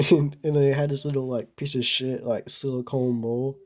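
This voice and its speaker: A man's voice: medium pitch, fairly even intonation, measured pace, darkish tone. A young man casually telling a rambling story to the camera, full of filler words and slang. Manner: rambling, laid-back, lots of "bro" and "like". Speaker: vlogger.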